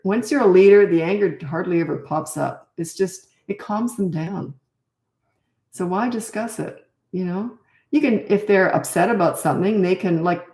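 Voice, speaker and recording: A woman's voice: on the low side, darkish tone, roomy sound. An older woman coaching parents in casual talk, blunt and no-nonsense, often acting out what parents and children say. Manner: blunt, no-nonsense, acts out quoted lines.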